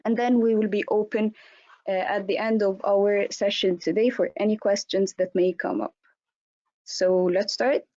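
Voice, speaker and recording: Hoarse woman presenting a webinar. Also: mid-range voice, steady tone, normal speed, warm tone, no echo, muffled recording. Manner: hesitant, many fillers and restarts. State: hoarse from an allergy. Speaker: solution consultant presenting a webinar.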